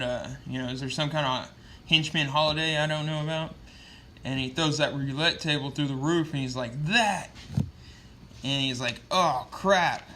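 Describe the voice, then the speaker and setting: A man with a bright, somewhat high voice tells a comic story casually, swearing freely and stringing thoughts together with fillers. There is a faint hum of ambience behind him. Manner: loose, profane storytelling with lots of fillers. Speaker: comic book reviewer.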